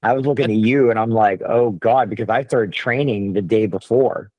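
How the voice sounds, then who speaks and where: Low-voiced male co-host chiming in. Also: fairly quick, darkish tone, dry recording, poor audio. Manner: chiming in with short reactions. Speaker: podcast co-host. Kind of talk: casual chat.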